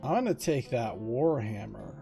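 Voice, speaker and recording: Chill dude reading a gamebook on stream, cracks jokes, sings dumb little songs, mid voice, soft music under it. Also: male voice, medium pitch, lively intonation, moderate pace, gravelly. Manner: jokey, goofs around and sings silly ditties. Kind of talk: casual let's-play chat and read-aloud narration.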